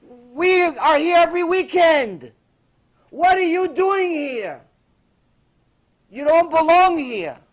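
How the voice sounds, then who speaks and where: A man's voice: very high-pitched, expressive, slow, long pauses, voice pushed up, full character voice. A man voicing a tough adult male jail inmate who questions someone bluntly and insistently, inside a spoken sermon. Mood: incredulous.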